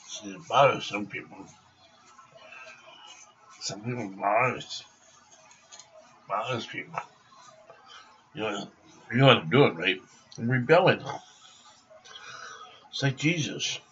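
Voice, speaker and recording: A man talks slowly in a lowish voice, rambling and repeating himself with plenty of swearing. He vlogs from home by his computer. The recording is dull and lo-fi, with a faint hiss behind him. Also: fairly bright tone. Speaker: vlogger. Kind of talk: rambling casual vlog.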